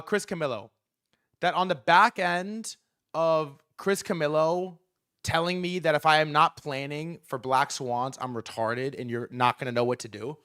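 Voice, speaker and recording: A young man hosting a casual livestream about markets, talking in an excitable, profane and rambling way with lots of fillers. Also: on the high side. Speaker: livestream host.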